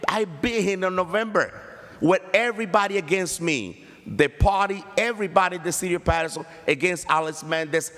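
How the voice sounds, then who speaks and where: A man's voice: high-pitched, pushed and bright, long reverb tail. Impassioned councilman. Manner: impassioned, combative, repeats phrases. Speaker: city councilman. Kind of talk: council meeting speech. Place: council chamber.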